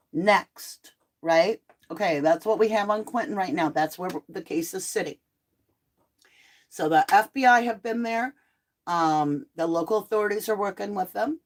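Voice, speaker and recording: A middle-aged woman with a medium-pitched voice runs a live true crime tarot chat from her home. She's sick and on cough medicine, and she talks in a chatty, blunt way full of animated asides and mock quotes.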